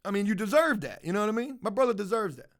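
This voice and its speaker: Man, high-pitched voice, casual vlog storytelling, profane, lots of fillers, retells conversations. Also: big pitch swings, fast, a bit bright. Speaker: vlogger telling a personal story.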